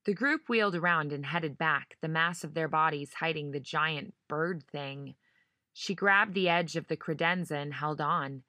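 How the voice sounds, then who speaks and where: A woman narrating a novel in measured storytelling style, giving each character a voice. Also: deep voice, sharp tone, dry recording. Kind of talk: audiobook narration.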